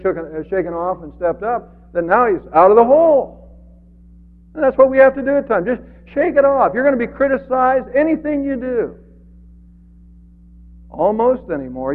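A man preaching an earnest sermon as pastor, swinging from loud emphasis to quiet. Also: fairly high pitch. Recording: phone-like radio broadcast with long reverb.

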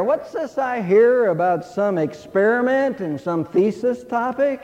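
A man's voice: high voice, a little mellow. A man preaching a sermon, telling a fable in an earnest, emphatic way. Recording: dull hall reverb.

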